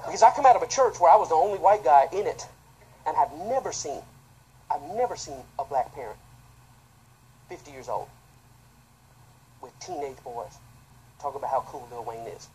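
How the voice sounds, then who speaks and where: A man's voice: lively intonation, normal speed, pauses often, a little hiss or hum, rough recording. Impassioned man preaching a sermon. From United States. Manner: impassioned, swinging between loud outbursts and quiet, low asides. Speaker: pastor.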